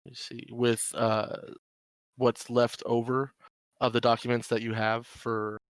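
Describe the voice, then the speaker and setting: A man narrating as game master of a tabletop horror game, talking in halting stretches with many fillers. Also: medium pitch, flat delivery, clear, resonant tone, no room sound. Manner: halting, full of fillers and restarts.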